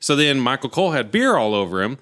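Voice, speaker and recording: A man's voice: medium pitch, quick pace. A man in his thirties, a podcast co-host telling a story in casual chat and acting out the quotes. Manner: animated storyteller, acts out quotes.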